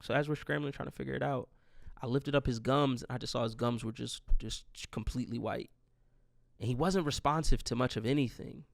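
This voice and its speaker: A man's voice: mid-range voice, brisk, vocal fry, no echo, clean studio sound. A man in his twenties hosting a podcast, telling a rambling, profane, grieving story in a casual monologue. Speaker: podcast host.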